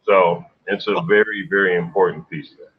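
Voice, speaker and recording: A man's voice: deep voice, steady tone, fairly quick, slightly rough. A man co-hosting a sales talk show, chatting casually and emphatically, often adding a rhetorical question. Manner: emphatic, rhetorical "right?" asides. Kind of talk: casual conversational chat. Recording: dull lo-fi sound.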